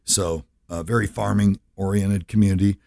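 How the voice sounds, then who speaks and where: A man's voice: deep voice, steady tone, normal speed, creaky, a little mellow, dry recording, studio quality. A man in his fifties from California, an advisor introducing himself in an earnest, filler-heavy monologue that keeps checking in with listeners. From California, USA.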